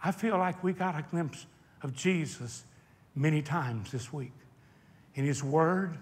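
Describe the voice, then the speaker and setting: A male preacher with a high voice delivers an impassioned sermon. He tells stories, drawing out key words slowly for emphasis. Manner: impassioned storytelling, slowing for emphasis. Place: hot indoor meeting hall.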